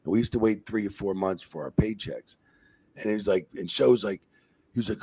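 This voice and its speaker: A middle-aged man, a retired wrestling referee, telling profane, animated backstage stories on a podcast and acting out the voices in them. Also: lowish voice, fairly quick, husky. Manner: profane, animated storyteller who acts out quotes. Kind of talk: casual storytelling interview.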